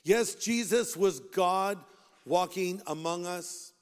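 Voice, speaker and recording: Brief: fervent male pastor, fairly high voice, long hall reverb. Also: takes it slowly, clear, resonant tone. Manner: impassioned, rhetorical questions, shifts from loud to hushed. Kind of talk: sermon.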